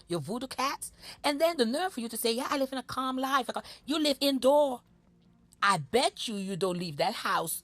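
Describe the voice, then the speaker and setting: A woman's voice: a little high, fairly bright tone, no room sound. A woman giving sarcastic, scolding reaction commentary on video clips, mocking and challenging the person she watches.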